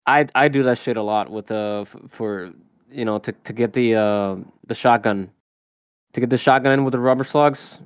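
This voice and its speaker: A laid-back man chats about games, saying "like" a lot. His voice is smooth and resonant. The recording is dry and close. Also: mid-range voice, moderate pace, dry recording. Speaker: YouTuber guest. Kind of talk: casual gaming podcast chat.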